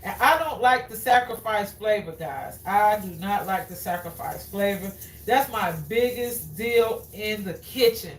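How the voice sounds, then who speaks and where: A woman's voice: medium pitch, fairly bright tone, slight background noise. A woman hosting a live cooking demonstration in her kitchen, chatting to viewers and repeating her phrases for emphasis. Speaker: cooking show host. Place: home kitchen. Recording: roomy, distant from the mic.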